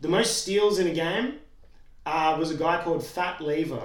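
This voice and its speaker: A man on a casual podcast panel, reading out stats and joking along with the others. His voice sits a touch high. The room around him is echoey. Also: moderate pace. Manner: playful, reads out stats, laughs a lot. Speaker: stats analyst. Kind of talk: casual comedic chat.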